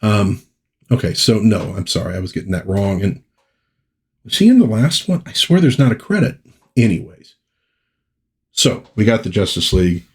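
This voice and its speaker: A man's voice: fairly low pitch, lively intonation, normal speed, long pauses, husky. A man chatting casually through a comic book review, rambling and correcting himself as he goes.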